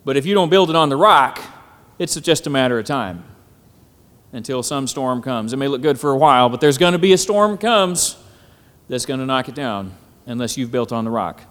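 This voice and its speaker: A man preaching a sermon at a symposium, often pausing on "Amen" and building to emphatic, climbing phrases. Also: mid-range voice, animated, fairly bright tone. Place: hall at a symposium. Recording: echoey hall.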